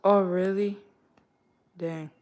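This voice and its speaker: A young woman chats with her livestream viewers in a relaxed, slang-filled way. She often slides into exasperated rants, and her voice sits at an ordinary middle pitch. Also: slow. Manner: ranting, slang-heavy, exasperated. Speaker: livestreamer talking to chat. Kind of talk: casual livestream chat.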